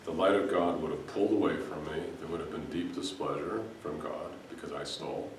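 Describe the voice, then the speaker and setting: A man's voice: a bass voice, fairly even intonation, a little fast, slight background noise. A man giving an earnest spiritual talk to a gathering as a Sufi teacher, telling stories with many restarts. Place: hall in front of an audience. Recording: echoey room, voice from a distance.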